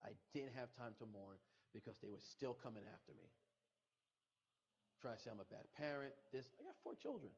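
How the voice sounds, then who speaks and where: Muffled podcast audio with a little hiss or hum captures a middle-aged guest retelling a painful personal loss. Emotional and repetitive, he quotes what people said in a mid-range, sing-song voice that runs a little fast.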